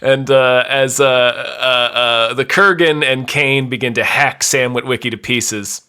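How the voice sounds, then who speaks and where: A young man narrating an improvised comedy story as game master, halting and rambling with many fillers. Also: medium pitch, steady tone, bright, forceful tone, smooth.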